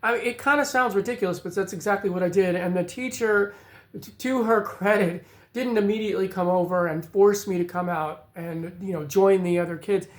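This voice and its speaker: An adult man vlogging, telling a personal story in a reflective, halting way, often pausing on "you know". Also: high-pitched.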